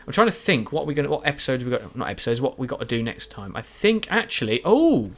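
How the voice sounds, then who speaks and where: A man's voice: mid-range voice, big pitch swings, quick pace. Rambling tired man commentating gameplay. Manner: meandering, self-deprecating, many restarts and fillers. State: tired and yawning, recording late. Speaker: gaming YouTuber.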